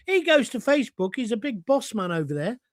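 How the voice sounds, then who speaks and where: A man's voice: extremely high pitch, big pitch swings, brisk, no echo, studio quality. A middle-aged English man hosting his own political show, ranting bluntly with sarcastic asides. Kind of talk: opinionated live show monologue.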